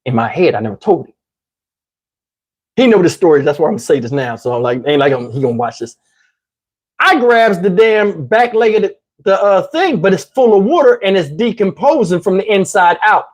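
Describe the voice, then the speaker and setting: A man casually telling a story to his channel, in a slangy, profane, lively way. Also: high voice, brisk. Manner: profane, slangy, lively retelling with acted-out quotes.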